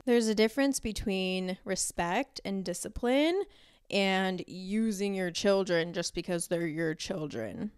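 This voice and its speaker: A young woman hosts a personal faith podcast, talking in an earnest, heartfelt way with little laughs here and there. Her voice is smooth and clear, at a middling pitch. The sound is dry and close, with no room echo. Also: unhurried. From Costa Rica. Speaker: podcast host.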